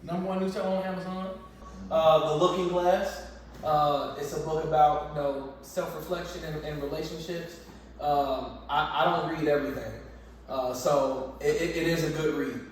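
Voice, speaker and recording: A man's voice: fairly high pitch, fairly even intonation, moderate pace, a little hiss or hum. A man hosting a casual group talk, joking and stumbling over his words as he introduces a guest. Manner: joking, loose, repeats words. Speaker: podcast host. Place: barbershop. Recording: echoey room, mic far off.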